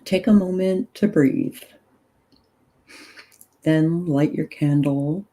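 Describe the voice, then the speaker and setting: Woman, groggy, low mellow voice, unhurried, reads prayers aloud, casual ritual livestream. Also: rough recording. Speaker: ritual leader and tarot reader.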